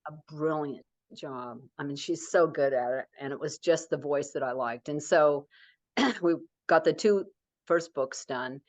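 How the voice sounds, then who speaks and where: A woman's voice: low voice, measured pace, dry recording. A middle-aged woman author talking casually in an interview, rambling with many fillers and restarts.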